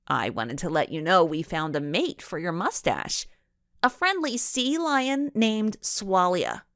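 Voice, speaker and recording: A woman's voice: fairly low pitch, expressive, measured pace, fairly bright tone, no room sound, studio quality. A woman doing a cheeky young girl sleuth. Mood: teasing. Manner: teasing and brave.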